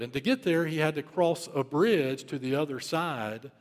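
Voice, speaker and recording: A man's voice: fairly high pitch, moderate pace, hardly any pauses, in a large hall. A man preaching a sermon, telling a story in an urgent, emphatic way and repeating key phrases. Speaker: pastor.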